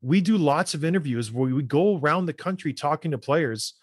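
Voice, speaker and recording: A man's voice: on the high side, animated, a little fast, slightly rough, no echo, studio quality. A man hosting a podcast, a former hockey player who talks in a fired-up, emphatic way, full of repetition. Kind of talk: casual chat and ad read.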